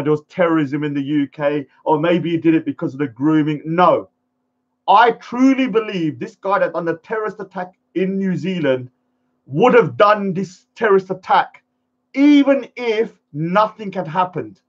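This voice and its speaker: A man's voice: a little high, highs cut off. A man ranting defiantly to camera, acting out pleading voices as he goes. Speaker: vlogger.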